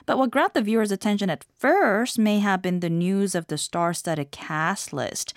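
A woman hosting a language lesson, explaining phrases clearly in scripted narration. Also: on the low side, dry recording, clean studio sound.

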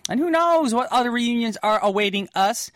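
A man's voice: extremely high pitch, animated, fairly quick, a bit bright, no echo, studio quality. A man hosting a radio show in casual, playful chat, dropping easy asides as he reads listener messages. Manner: chatty and playful, with many "mm-hmm" and "y'all" asides. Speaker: radio host.

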